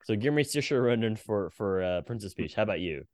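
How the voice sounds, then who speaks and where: A man co-hosting a podcast who chats casually and playfully, laughing often. His pitch moves all over the place. The sound is dry and close, with no room around it. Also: lively intonation, darkish tone, dry recording. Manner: playful, laughs often, tries quick impressions. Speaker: podcast co-host. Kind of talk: casual chat.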